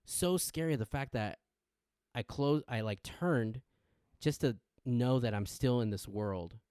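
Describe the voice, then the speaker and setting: A man co-hosting a casual podcast, an animated storyteller who acts out quotes. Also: mid-range voice, a little slow, clear, resonant tone, dry recording, clean studio sound. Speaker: podcast co-host. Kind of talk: casual chat.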